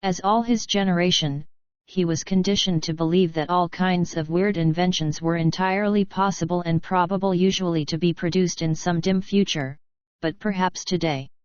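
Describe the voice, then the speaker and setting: A woman narrating an adventure novel in an audiobook with a steady, measured reading. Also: on the low side, clean tone, no echo, muffled recording. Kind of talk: scripted narration.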